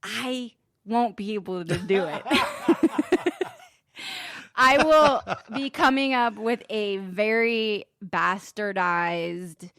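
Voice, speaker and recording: A woman's voice: mid-range voice, slow pace, gravelly, fairly bright tone, smooth, no echo. A middle-aged woman co-hosting a podcast, chatting casually and playfully, laughing often and riffing on accents. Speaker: podcast co-host. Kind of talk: casual chat.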